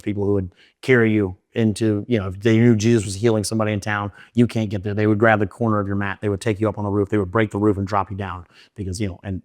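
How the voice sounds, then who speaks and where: A young man telling his story in an interview, rushing in run-on sentences full of fillers and restarts. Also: on the low side, no room sound, studio quality. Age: young adult. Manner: fast, run-on talk with many fillers and restarts. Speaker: interview guest.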